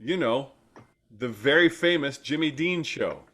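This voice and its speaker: A man hosting a trivia quiz with the guests, playful and quick to laugh at his own jokes. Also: mid-range voice, expressive, sharp tone. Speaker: quiz host. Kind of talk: game show hosting over video call.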